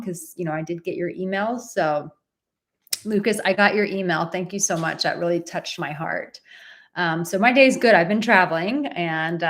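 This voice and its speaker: A woman relationship coach in casual live-stream chat from a relative's home, bubbly and talkative, reading out viewer comments. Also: lowish voice.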